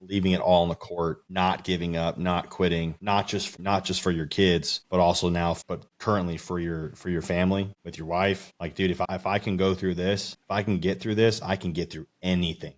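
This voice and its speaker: A man hosting an interview podcast, who talks casually and encourages his guest like a coach. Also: low-pitched. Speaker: podcast host.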